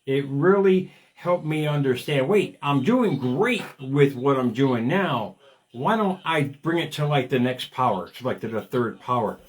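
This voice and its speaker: A man's voice: medium pitch, lively intonation, unhurried. A man in his fifties hosting a motivational talk show, speaking energetically and digressing, often repeating words as he starts a thought. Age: 50s. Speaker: radio show host.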